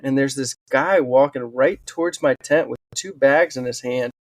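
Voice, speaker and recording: A man speaking as a podcast guest, telling his stories in an earnest, animated way with frequent "um"s. His voice sits at an ordinary middle pitch. The recording is dry and close, with little room sound. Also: normal speed, no room sound. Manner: earnest, animated storytelling with fillers. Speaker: podcast guest, wildland firefighter and author. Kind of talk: storytelling in a casual interview.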